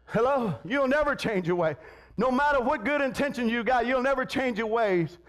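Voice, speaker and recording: A man's voice: extremely high pitch, lively intonation, moderate pace, fairly bright tone. A man preaching a fervent sermon, peppering his lines with amens and repeated call-outs to the congregation. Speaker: pastor.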